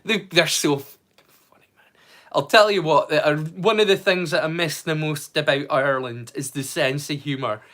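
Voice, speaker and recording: With a voice on the high side and a normal speed, this man hosts a relaxed watch-along stream. He greets his viewers loudly and brightly, and keeps up loose chatter full of jokes and freely dropped swear words.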